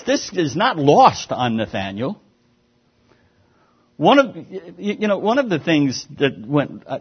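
A man preaching a sermon, lively and emphatic, often restarting his words. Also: a little high, slightly rough. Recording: dull lo-fi sound.

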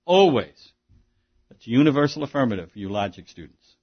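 A man's voice: medium pitch, expressive, rapid-fire, breathy edge, dull audio. A man preaching a sermon, with an emphatic, conversational delivery full of asides and rhetorical questions. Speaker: pastor.

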